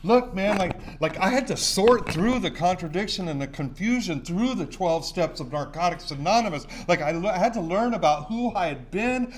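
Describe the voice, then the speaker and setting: A man's voice: sits high, animated, normal speed, few pauses, a little hiss or hum. A middle-aged man, sharing his recovery story at a meeting in an intense, profane, repetitive way. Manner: intense, profane, repeats himself. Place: recovery center meeting room.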